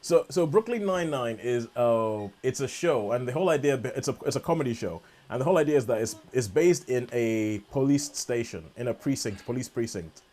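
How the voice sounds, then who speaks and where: A man's voice: mid-range voice, lively intonation, a little fast, hardly any pauses, a little mellow. A man co-hosting a casual podcast chat, rambling and enthusiastic, often restarting his sentences. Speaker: podcast co-host.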